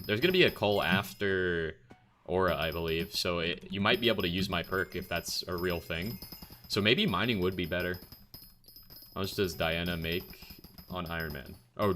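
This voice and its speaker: A man's voice: sits low, sharp tone. A young man streaming a game, casually and bluntly answering viewer questions in a chatty way.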